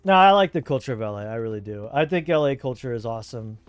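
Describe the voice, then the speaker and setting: This Southern California man talks fast while gaming on stream, his casual chat rambling and easygoing in a Southern Californian accent. His medium-pitched voice is smooth with lively intonation, and there's no echo.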